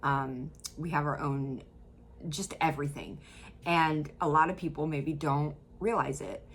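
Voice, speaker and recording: A woman's voice: low voice, fairly even intonation, unhurried, husky. A young woman from central Illinois with a Midwestern accent, rambling casually through reaction commentary with many ums and likes. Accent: Midwestern American. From central Illinois, USA. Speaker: YouTuber.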